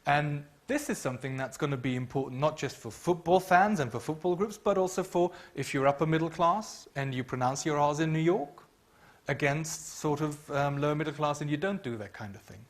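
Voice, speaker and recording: A middle-aged man lecturing at a university, his voice sitting a little high for a man. He explains patiently, hedging with frequent ums and now and then humming a tune to show a point. He speaks into a microphone in a lecture room. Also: lively intonation, a little fast. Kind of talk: academic lecture.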